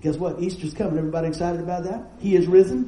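High-voiced preacher, dark and folksy. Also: male voice, roomy sound, slight background noise, poor audio. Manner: folksy storytelling, animated, quick asides. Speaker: pastor. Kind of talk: sermon.

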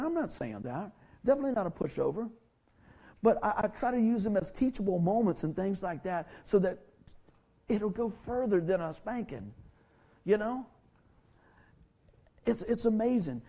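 A man's voice: high-pitched, lively intonation, moderate pace, gravelly, a little mellow. A middle-aged man as pastor, preaching a sermon to his church in a folksy, conversational way, acting out the quotes of the people in his stories. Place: church sanctuary.

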